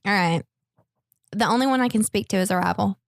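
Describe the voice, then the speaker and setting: A woman on a podcast panel, trading quick banter and telling a plain story. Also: medium pitch, gravelly, no echo, studio quality. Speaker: regular contributor. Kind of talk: casual chat.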